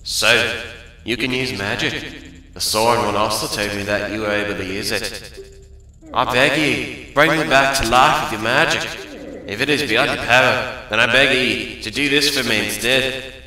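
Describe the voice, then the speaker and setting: A man's voice: medium pitch, normal speed, bright, forceful tone, heavy reverb, voice pushed up, poor audio. A man voicing the proud ghost of a male rock-creature warrior, reading solemn, pleading lines. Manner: solemn, pleading game-text read.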